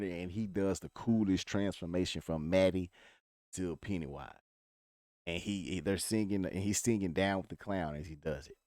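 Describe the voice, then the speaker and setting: A man's voice: low-pitched, a little mellow, no echo, clean studio sound. A man giving a casual, rambling spoiler recap of a TV episode, swearing freely and talking in laid-back slang. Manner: profane, rambling retelling. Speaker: TV show reviewer.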